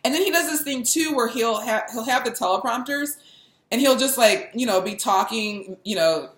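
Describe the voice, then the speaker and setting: Bright-voiced animated woman host. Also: fairly high pitch. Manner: animated, laughing, quick to mimic others. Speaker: podcast host. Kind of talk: casual political chat. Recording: echoey room.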